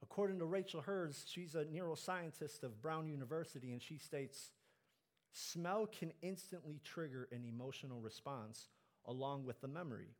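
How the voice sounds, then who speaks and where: A man preaching a sermon, climbing to loud emphatic peaks and dropping low and soft on key lines. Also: normal speed.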